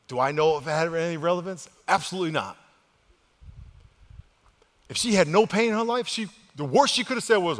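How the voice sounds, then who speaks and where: A man with a fairly high voice preaches a sermon to his congregation, calling on them to repeat words back to him. He shifts between loud exhortation and quiet, hushed lines, repeating himself as he restarts. His voice rings through a church hall with a long reverb tail. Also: sing-song, a little fast, pauses often. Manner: call-and-response, leads the congregation to repeat words. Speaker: pastor.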